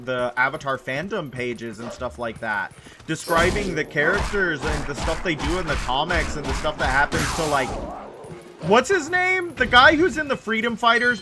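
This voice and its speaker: A slightly high, bright and forceful voice belongs to a game streamer chatting informally with viewers mid-game. His reassuring talk wanders and corrects itself, with slight background noise and game music underneath.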